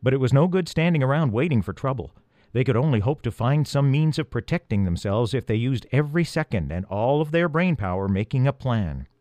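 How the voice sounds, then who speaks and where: A man reads a children's storybook aloud in a gentle, lively voice. He speaks directly to the listener now and then. The recording is close and dry. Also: mid-range voice, brisk, dry recording. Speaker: audiobook reader.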